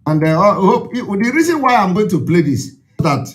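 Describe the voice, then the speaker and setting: A man's voice: high voice, very animated, moderate pace. A man with a Nigerian accent, an Igbo speaker, addresses his followers in an impassioned, repetitive, preaching way.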